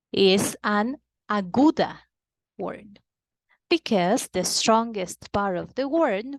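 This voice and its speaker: A woman's voice: mid-range voice, no room sound, studio quality. A woman teaching Spanish to children in a patient, explanatory way, repeating key terms and moving between Spanish and English. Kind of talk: slow explanatory lesson for kids.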